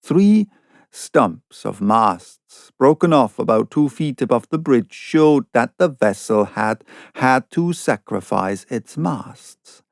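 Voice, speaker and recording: A man reading a classic novel aloud as audiobook narration, in a measured, deliberate way. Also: medium pitch, sing-song, gravelly, no room sound, clean studio sound. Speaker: audiobook reader.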